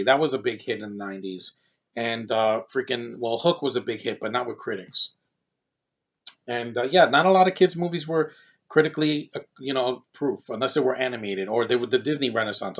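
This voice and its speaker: A film reviewer in his thirties gives a rambling, casual movie review, hopping from one digression to the next. His mid-range voice is a bit bright, in a dull lo-fi recording.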